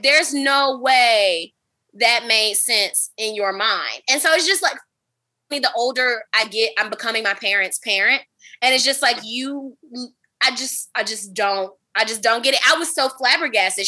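A woman with a very bright, fairly high voice, spinning a story for her co-hosts. She talks in a lively, profane and dramatic way, with the feel of casual podcast chat. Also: normal speed. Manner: animated, profane, dramatic retelling. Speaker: podcast host.

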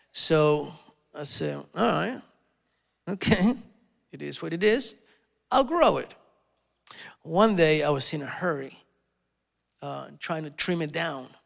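Animated preacher in a reverberant hall. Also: male voice, a little high, creaky. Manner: animated, acts out quoted voices. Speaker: pastor. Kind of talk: sermon. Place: church hall.

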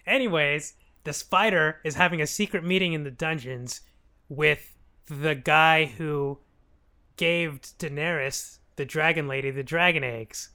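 A man co-hosting a podcast, recapping a TV show in casual chat, laughing often and acting out characters in quick quoted lines. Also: on the high side, sharp tone, smooth. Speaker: podcast co-host.

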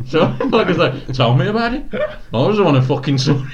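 A man's voice: a little high, big pitch swings, brisk, few pauses, crowd noise. A man, a podcast host telling a story in casual, sweary chat and laughing often. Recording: dull, noisy recording.

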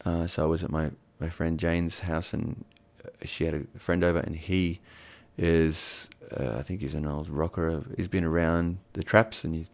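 Male podcast co-host, very low voice, loose rambling storyteller. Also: level tone, normal speed. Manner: rambling, laughs often, restarts. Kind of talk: casual chat.

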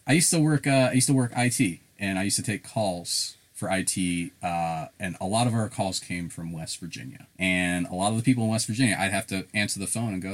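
A man co-hosting a podcast, telling stories in a lively, profane way. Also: fairly low pitch, brisk, hardly any pauses. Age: adult. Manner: animated, profane storytelling. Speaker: podcast co-host. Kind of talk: casual podcast chat.

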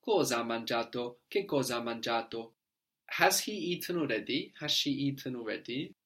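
A man's voice: medium pitch, animated, normal speed, fairly bright tone. A man leads a one-on-one language lesson in a mid-range voice. He patiently prompts his student and spells words out letter by letter. He often tags a checking "no?" onto his explanations. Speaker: language teacher.

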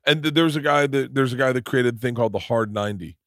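Man, podcast host, casual chat, swears a lot, excitable, dry close sound. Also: mid-range voice, fast talker, no room sound. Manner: profane, excitable, rambling.

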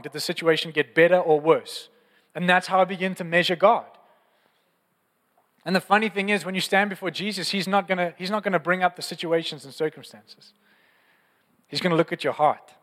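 Passionate preacher man, slightly high voice. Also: a bit bright, long reverb tail. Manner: earnest, passionate, conversational preaching with repeated phrases. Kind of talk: sermon. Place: church.

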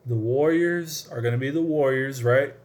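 A man's voice: mid-range voice, moderate pace, darkish tone. A man delivering a solo sports talk monologue, chatty and emphatic, speaking straight to his listeners. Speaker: sports commentator.

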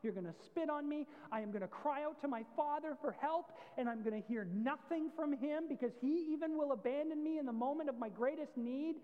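A man's voice: extremely high pitch, fairly quick, few pauses, big-room sound, phone-quality sound, pitched above the performer's own voice. A man preaching a sermon, speaking as Jesus in an earnest, rising, first-person plea. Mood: impassioned plea. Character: Jesus, adult man, pleading and loving. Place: church.

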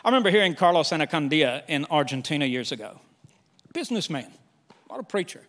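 Male pastor, high voice, lively sermon delivery, long hall reverb. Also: quick pace. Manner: animated preaching that slips into quoted voices.

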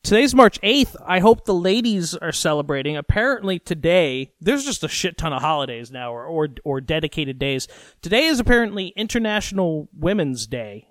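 A man's voice: on the high side, animated, normal speed, a bit bright, no echo, clean studio sound. A man hosting a podcast alone, rambling and joking with plenty of swearing in a casual late-night monologue. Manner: rambling, profane, jokey. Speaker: podcast host. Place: recorded at home late at night.

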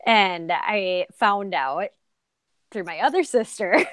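A woman's voice: mid-range voice, sing-song, slow, a bit bright. A woman hosting a podcast, talking casually and with empathy, often trailing off with "like". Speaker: podcast host. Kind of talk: casual chat.

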